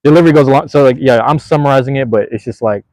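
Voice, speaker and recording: A man's voice: mid-range voice, racing, a little mellow, no room sound, low-quality recording. A man giving a loose, slangy, rambling recap of a comedy show, full of fillers, while sitting outdoors near a playground.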